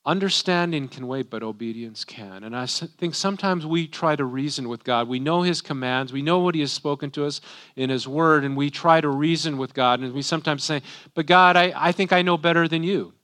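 A man's voice: medium pitch, fairly quick, a bit bright. A man, a pastor, preaching a sermon in a conversational way, often tagging rhetorical questions.

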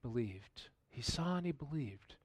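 A man's voice: mid-range voice, expressive, measured pace, slightly rough, no room sound. Man preaching in a dry room. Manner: reads scripture then comments conversationally, rhetorical questions. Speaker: pastor. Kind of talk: sermon.

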